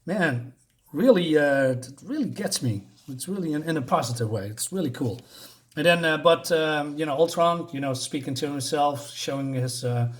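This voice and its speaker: A man's voice: a little high, lively intonation, moderate pace. A man giving a casual, rambling comic book review on his channel, with lots of fillers and restarts.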